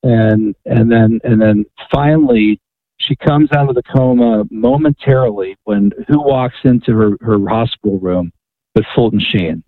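A man with a lowish voice speaks a little slowly, with no echo, as a radio guest on a tinny phone call-in. The author tells his story with eagerness, often tossing in "right?" to check in with the listener.

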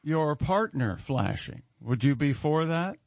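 A man's voice: a little high, expressive, unhurried, dry recording. A man hosting a casual radio show, joking with his co-hosts and reading out listener emails. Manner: jokey, teasing, reads listener emails aloud. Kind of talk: casual morning show banter.

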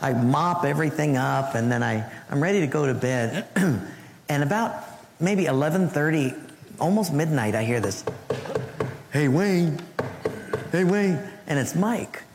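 Male pastor, lively storytelling, slightly high voice, long hall echo, faint background noise. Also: moderate pace, gravelly. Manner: animated storyteller acting out voices, dropping to hushed tones. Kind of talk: sermon with personal story.

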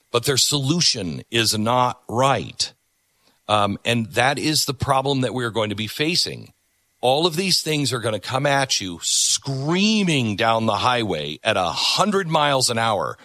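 A man's voice: mid-range voice, animated, measured pace, sharp tone, no room sound. A middle-aged man hosting a talk show, giving emphatic opinion commentary and repeating words for stress.

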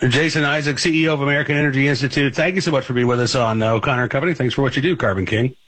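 A man's voice: medium pitch, steady tone, very fast, a bit bright, husky, dry recording. A man hosting a radio talk show, asking chatty, rambling questions.

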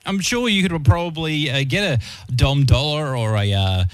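A chatty Australian man hosting a radio interview, with a slightly higher voice. He fills his questions with ums and uhs and laughs easily, and the sound is dry and close. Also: animated, moderate pace, clear, resonant tone, no room sound. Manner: chatty, filler-heavy, easily amused. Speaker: radio host.

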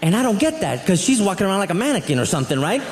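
A man doing a stand-up comedy set on a club stage, telling family stories in an animated way and acting out relatives in quick voices. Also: high voice. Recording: roomy live venue with reverb. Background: audience laughter.

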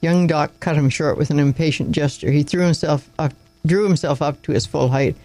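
Man reading a story aloud, a bit high. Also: a little mellow, no echo, low-quality recording. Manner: plain, measured reading with small slips. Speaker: narrator.

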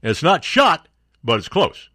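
Sarcastic, lively male radio talk host. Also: a little high, unhurried, dry recording, clean studio sound. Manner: sarcastic, incredulous, animated. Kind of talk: opinionated talk radio monologue.

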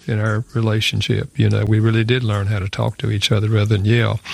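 A man's voice: lowish voice, gravelly, no room sound. An older man, an author and guest, telling a personal story in an earnest, reflective way with small fillers. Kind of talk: personal storytelling in a radio interview.

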